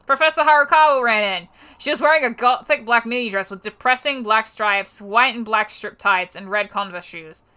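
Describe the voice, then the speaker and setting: A woman's voice: fairly high pitch, normal speed, pushed and bright. A young woman on a livestream reading a fanfiction aloud for laughs, stumbling over words and breaking off into exasperated, cursing asides. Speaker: streamer.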